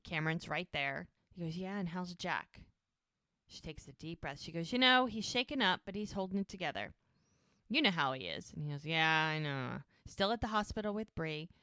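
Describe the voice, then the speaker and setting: A woman co-hosting a podcast, casually recapping a TV episode and acting out the characters' lines in quick voices. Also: on the low side, expressive, sharp tone, clear, resonant tone, dry recording. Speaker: podcast co-host.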